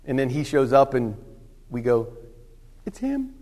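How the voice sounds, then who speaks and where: A man preaching a sermon in a conversational way, acting out short exchanges and dropping to hushed lines. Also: medium pitch, steady tone, moderate pace. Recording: long hall reverb.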